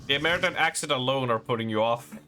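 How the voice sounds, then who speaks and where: A man's voice: mid-range voice, quick pace, sharp tone, faint music behind. A man streaming a game live, chatting with his viewers and reading the game's letters and notes aloud.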